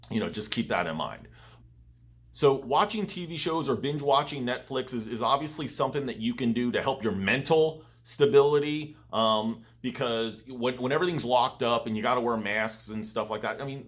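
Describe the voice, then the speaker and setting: A man hosting his own vlog, chatting casually and rambling enthusiastically as he tells a story. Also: medium pitch. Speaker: vlogger, channel host.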